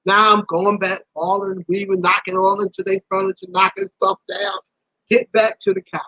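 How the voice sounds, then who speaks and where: A woman hosting a live stream tells a story to her viewers in a lively, casual way. She laughs often, and her voice jumps up high at the embarrassing parts. Her tone is bright and forceful, and the recording is close and dry. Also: moderate pace, no room sound, highs cut off. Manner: animated, laughing, swoops high when embarrassed.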